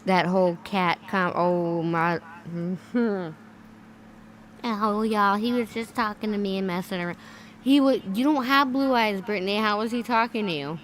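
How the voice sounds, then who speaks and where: A woman co-hosting a livestream in casual chat, reading chat and exclaiming softly. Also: mid-range voice, measured pace, slight background noise.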